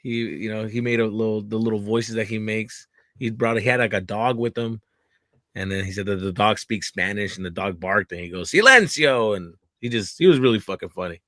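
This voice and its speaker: A man, a comedian guest, telling stories in an animated, profane way with many fillers. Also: lowish voice, brisk, no echo. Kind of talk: casual interview chat.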